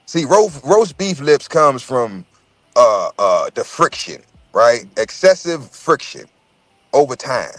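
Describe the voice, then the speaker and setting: A man's voice: mid-range voice, no room sound. A man in casual chat, telling profane, rambling stories and repeating his words as he goes.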